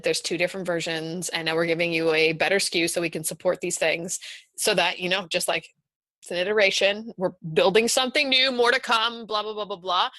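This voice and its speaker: A woman's voice: mid-range voice, sharp tone, dry recording. A woman hosting a casual gaming podcast, chatting and putting questions to her co-hosts. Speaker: podcast host. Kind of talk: casual chat.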